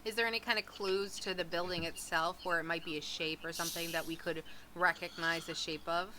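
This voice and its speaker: A woman's voice: on the low side, fairly even intonation, brisk, bright, forceful tone, a little hiss or hum. A woman playing in a tabletop game, asking curious questions of the game master. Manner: inquisitive, questioning. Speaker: player.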